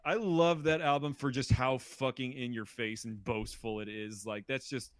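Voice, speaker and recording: A man co-hosting a podcast, talking casually and animatedly, breaking into loud mocking impressions. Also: mid-range voice, normal speed, smooth. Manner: animated, mimics people in shouted bursts. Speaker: podcast co-host.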